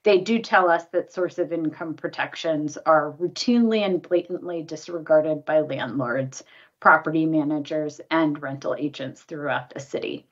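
A woman reading a prepared statement in a formal, measured way as an advocate testifying at a public hearing. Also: sits low, muffled recording.

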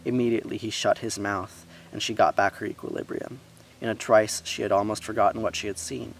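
Gravelly low-voiced man reading a story. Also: a little fast. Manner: lively reading, voicing characters, with asides.

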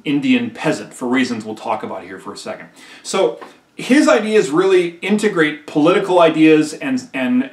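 A man's voice: a little high, echoey room, recorded from a distance. A male history teacher giving a conversational recorded lecture, who often checks in with "right?" and acts out quotes emphatically.

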